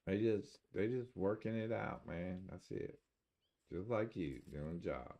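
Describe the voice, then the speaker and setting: A man's voice: deep voice, expressive, a little slow, vocal fry, dark tone, highs cut off. An older man streaming a video game, chatting casually in a rambling, folksy way and chuckling to himself. He mentions having an accent. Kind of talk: casual live-stream chat.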